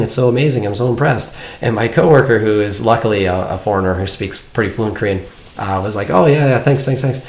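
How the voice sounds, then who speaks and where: A young man from Canada chatting casually as a vlogger in his apartment, laid-back and full of "like". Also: lowish voice. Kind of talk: casual chat. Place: apartment room. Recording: echoey room, faint noise.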